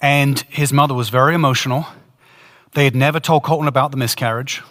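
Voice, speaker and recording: A man preaching a sermon as pastor, telling a story in an earnest, lively way. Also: medium pitch, fast talker, long reverb tail. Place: church hall.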